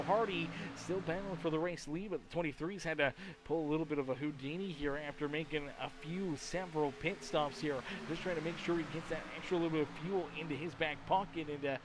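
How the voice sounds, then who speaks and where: A man from Canada calling a live sim race as commentator, excitable with loud bursts and rambling asides, tired and yawning. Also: a little high. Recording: noisy stream audio with race-car engine sound.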